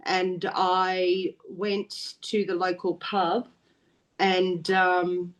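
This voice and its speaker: A woman's voice: fairly low pitch, flat delivery, very slow. A middle-aged woman with an Australian accent, a guest in an interview, rambling through stories with restarts. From Wales. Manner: rambling and chatty, with frequent restarts and laughs. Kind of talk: casual storytelling chat.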